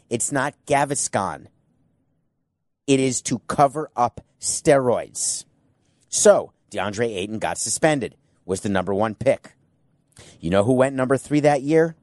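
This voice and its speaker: A man's voice: medium pitch, darkish tone, dry recording. A man delivers a one-man sports rant in an emphatic, needling tone. He lets sarcasm through while talking to people who are not in the room. The sound is dry and close, with no room around it. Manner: emphatic, sarcastic, addresses absent people directly. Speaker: sports commentator. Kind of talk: opinionated monologue.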